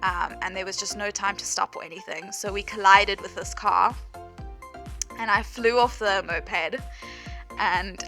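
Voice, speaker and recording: A woman's voice: mid-range voice, fairly even intonation, unhurried, sharp tone. A young woman in her twenties, chatting through a storytime voice-over with lots of "like" and frequent laughter. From South Africa. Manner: chatty, lots of "like", laughs often while telling. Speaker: vlogger. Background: faint background music.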